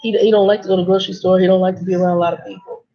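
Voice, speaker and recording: Talking very fast in a mid-range voice, a woman truck driver tells stories in a casual vlog. She's blunt, sarcastic and animated, and the recording sounds dull and lo-fi.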